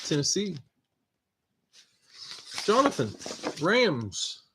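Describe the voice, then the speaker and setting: A man hosting a live stream, steadily reading out viewer names and teams with relaxed asides. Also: high voice, drawn-out words, heavy background noise. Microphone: computer mic on a live stream.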